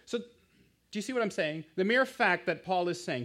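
A man's voice: fairly high pitch, lively intonation, quick pace, a bit bright. Emphatic, chatty man preaching a sermon. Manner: conversational, emphatic, asks the audience questions. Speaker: guest preacher, campus missionary.

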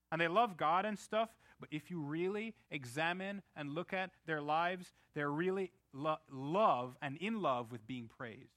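A man's voice: on the high side, sharp tone, no echo. A man in his thirties, a pastor preaching a sermon in a conversational way, telling personal stories and asking the congregation questions.

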